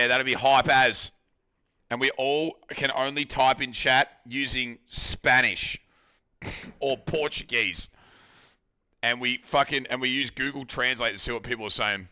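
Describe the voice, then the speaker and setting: Australian streamer guy cooking in his kitchen, super bright tense voice, swears a lot talking to chat. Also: mid-range voice. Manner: loose, swearing banter with chat. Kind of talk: casual live-stream chat while cooking. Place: home kitchen.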